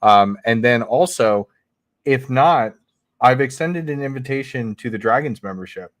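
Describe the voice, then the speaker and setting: A man's voice: medium pitch, lively intonation, unhurried, no echo. A man co-hosting a talk show, plugging his community in an upbeat way with frequent fillers. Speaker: co-host, men's community leader. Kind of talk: casual promo plug.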